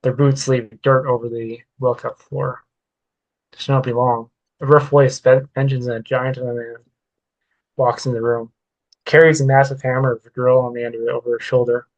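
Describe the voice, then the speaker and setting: A man's voice: medium pitch, flat delivery, normal speed, a little mellow, highs cut off. A man reading his own work-in-progress story aloud in first person, plainly, with occasional stumbles and self-corrections.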